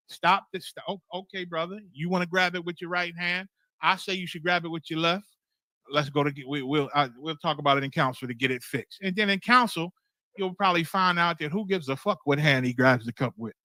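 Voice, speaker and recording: A man's voice: sits high, a little fast, sharp tone, no room sound. A man leading a scripture class, preaching in a loose, streetwise way with profanity and acted-out exchanges.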